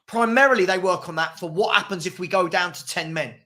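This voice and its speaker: A man hosting a heated football debate, forceful and insistent, talking over his guest. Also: high voice, fairly quick. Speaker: host.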